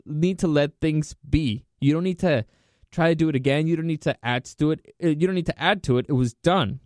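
Excitable man hosting a film review. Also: on the high side, smooth, no room sound, clean studio sound. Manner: excitable, repeats himself for emphasis. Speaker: movie review host. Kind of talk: casual spoken film review.

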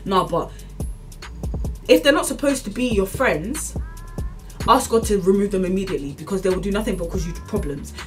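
A young woman vlogger rants casually to the camera in a mid-range voice at normal speed, leaving long pauses. She rambles and repeats herself, full of fillers like "like" and "as in," while offering earnest, preachy encouragement. She sounds far from the mic, with faint music in the background.

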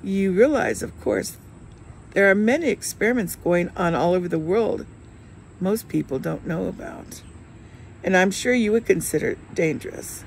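A woman reading the lines of a brooding, wine-drinking man in his forties, in a soft, musing manner. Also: lowish voice, lively intonation, normal speed, vocal fry, slight background noise. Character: brooding forty-five-year-old man drinking wine.

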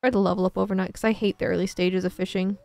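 A woman's voice: medium pitch, little pitch movement, racing, gravelly, a little mellow, no room sound. A woman streaming a farming game, chatting casually and self-mockingly with her viewers. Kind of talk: casual gameplay commentary.

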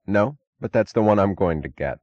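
A man voicing a cold steel magnate who bargains in an even, dryly mocking tone. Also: on the low side, normal speed, dry recording, dull audio, lightly acted.

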